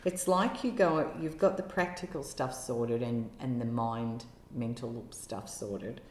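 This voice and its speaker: A woman giving an intuitive tarot love reading in a gentle, musing way, now and then exclaiming with delight. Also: rumbling low, unhurried. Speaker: tarot reader. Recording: echoey room with faint ambience.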